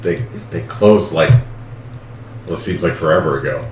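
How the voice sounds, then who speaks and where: A man's voice: very deep voice, moderate pace, darkish tone, roomy sound, far from the mic, slight background noise. A man playing an easygoing, noncommittal male city guard in a tabletop game. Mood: evasive. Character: polite laid-back male city guard.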